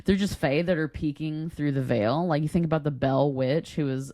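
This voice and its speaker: A woman's voice: deep voice, moderate pace, a crowd in the background. A woman co-hosting a podcast in casual chat, laughing often and swearing freely. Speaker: podcast co-host.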